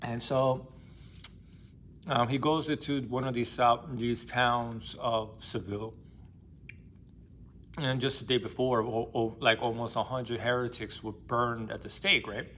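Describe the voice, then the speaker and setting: A man's voice: medium pitch, steady tone, measured pace, fairly bright tone, slight background noise. A man retelling a classic novel for a book discussion channel, speaking loosely and rambling, with lots of fillers and casual slang.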